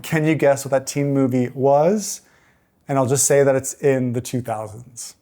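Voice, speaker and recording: A man's voice: medium pitch, fairly even intonation, normal speed, mellow. A man who is a guest on a podcast, reading out film trivia facts and giving teasing hints in a casual chat.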